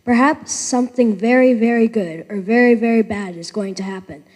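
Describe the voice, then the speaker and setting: A woman's voice: fairly high pitch, moderate pace, a little mellow, in a large hall. A woman playing a villager in an unrehearsed church pageant, wry and musing. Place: church sanctuary.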